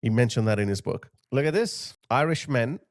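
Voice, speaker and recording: A man's voice: mid-range voice, expressive, normal speed, no echo, clean studio sound. A man hosting a commentary video, ranting in a heated, scornful way and repeating short jabs. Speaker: commentary channel host.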